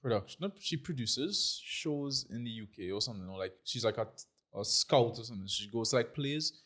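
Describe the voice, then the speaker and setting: A man's voice: medium pitch, expressive, brisk, a bit bright. A man hosting a podcast, asking questions in an easygoing, agreeable way. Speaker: podcast host. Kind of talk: casual podcast conversation.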